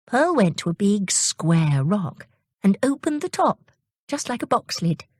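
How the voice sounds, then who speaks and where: Woman reading kids stories, slow and sing-song, a bit husky, dry close mic. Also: medium pitch, big pitch swings, darkish tone, dry recording. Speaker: audiobook reader. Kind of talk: storybook reading.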